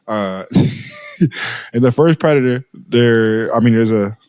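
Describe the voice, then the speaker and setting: A man's voice: mid-range voice, huge pitch swings, slow, darkish tone, clean tone, no echo. A man co-hosting a podcast in casual chat, rambling and saying "bro" a lot. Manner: loose, rambling, says "bro" often. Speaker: podcast co-host.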